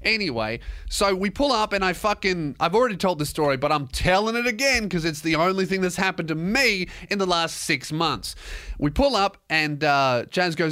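A man's voice: a little high, fairly quick. A man, ranting and telling stories on his own podcast, swearing freely and mocking himself. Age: 20s. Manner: swearing, animated storytelling, self-mocking. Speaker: podcast host. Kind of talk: casual solo podcast rant.

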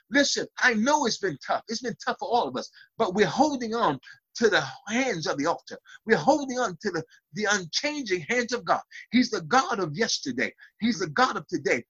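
A man's voice: high voice, fairly bright tone, breathy edge, no room sound, lo-fi sound. A man preaching a fervent sermon over a video call, building to call-and-response. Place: small room.

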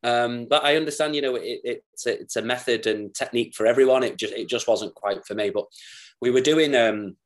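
A man's voice: medium pitch, fairly quick. A young man, an actor and podcast guest, telling rambling, giddy stories in casual chat. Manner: rambling, giddy, laughs through his stories.

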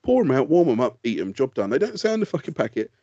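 A man's voice: mid-range voice, sing-song, fast talker, dark tone, no room sound. A man co-hosting a casual comedy podcast, ranting and swearing with frequent giggles. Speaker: co-host. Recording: dull lo-fi, dry sound.

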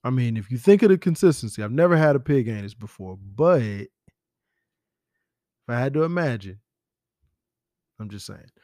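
Talking on his own podcast, a man rambles conversationally and swears freely in this casual solo commentary. He speaks at a moderate pace with long pauses, his medium-pitched voice animated and mellow, in clean studio audio free of room sound.

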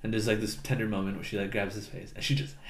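A man co-hosting a casual podcast, recapping a film with lots of laughter and quick impressions of the characters. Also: fairly low pitch, flat delivery, echoey room. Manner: laughing, acts out lines in silly voices. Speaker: podcast co-host. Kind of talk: casual movie recap chat.

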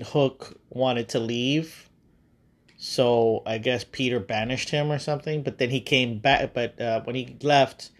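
A male podcast host chats casually with a middle-pitched voice. He rambles, swears often and breaks into laughter. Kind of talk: casual chat.

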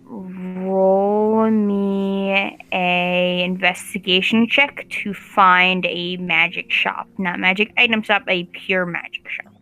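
A woman's voice: mid-range voice, steady tone, slow pace, bright, forceful tone, smooth, faint music behind. A woman running a tabletop game as game master, narrating in a rambling way with many likes and uhs.

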